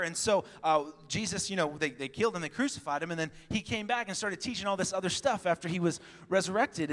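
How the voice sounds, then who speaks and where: Animated young man preaching in a hall. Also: fairly high pitch. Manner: animated storytelling, acting out dialogue, laughing often. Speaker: pastor. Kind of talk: sermon with personal stories.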